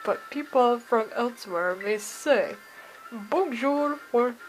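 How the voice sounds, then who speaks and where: Brief: jovial male language teacher, theatrical, foreign words sprinkled in, read by a woman, fairly high, slow delivery. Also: animated, faint music behind, rough recording. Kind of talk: reading game dialogue aloud.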